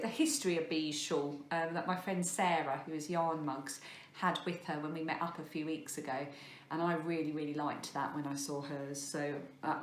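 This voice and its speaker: Rambling woman with a low voice. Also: slight background noise. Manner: rambling, self-deprecating, many fillers. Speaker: podcast host. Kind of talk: casual chat showing crafts to camera. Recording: echoey room.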